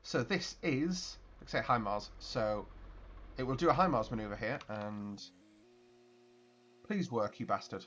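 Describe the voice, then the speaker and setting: A man hosting his channel, giving chatty, excitable gameplay commentary with mouth-made explosion noises. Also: medium pitch, unhurried, muffled recording, a little hiss or hum. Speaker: video game channel host.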